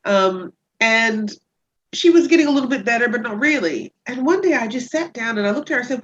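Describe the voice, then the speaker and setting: A woman chiropractor talking about her patients as a guest on a casual podcast interview, telling stories with lively energy. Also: a little fast, muffled recording. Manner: lively storyteller who acts out patients in high voices.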